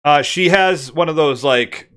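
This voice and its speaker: A man's voice: fairly high pitch, a little slow, fairly bright tone. A man running a tabletop game, brainstorming characters and places in casual chat, laughing often and restarting his sentences. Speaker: game master.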